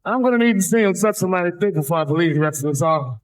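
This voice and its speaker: Animated, profane stand-up comedian man. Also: rapid-fire, no echo, faint music behind, rough recording. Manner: animated, profane storytelling with sudden high-pitched outbursts. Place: comedy stage.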